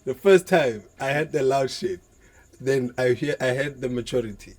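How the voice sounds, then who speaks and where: A man co-hosting a casual podcast, speaking in a low-key, insistent way and repeating himself. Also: normal speed, darkish tone. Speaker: podcast co-host. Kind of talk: casual chat.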